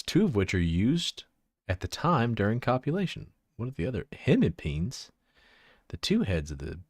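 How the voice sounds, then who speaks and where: A man's voice: fairly low pitch, dry recording, studio quality. A man from Texas with a Texan accent, chatting casually on a livestream, rambling, giggling and trailing off into asides.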